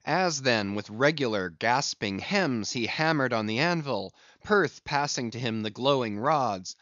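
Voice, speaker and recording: A man narrating a classic novel as an audiobook in a measured, deliberate storytelling manner. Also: medium pitch, animated, fairly bright tone, dry recording, dull audio. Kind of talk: scripted literary narration.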